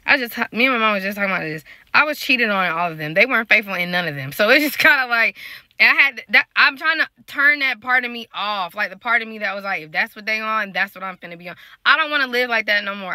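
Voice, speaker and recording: Chatty woman with a bright, dry voice. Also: medium pitch, lively intonation, fast talker, no echo. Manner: talks in a loose, conversational way, addressing viewers directly. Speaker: prophetic dreamer and life coach. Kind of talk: casual spiritual vlog talk.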